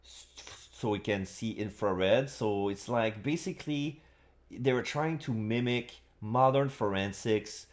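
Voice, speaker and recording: A man's voice: on the low side, a little slow. A man streaming a game live, talking casually in a rambling way with many restarts. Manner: rambling, full of fillers and restarts.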